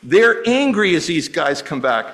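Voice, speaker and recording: A man's voice: on the high side, very animated, a little slow, a bit bright, rough recording. A middle-aged man preaching a sermon as pastor, conversational and often repeating words as he restarts.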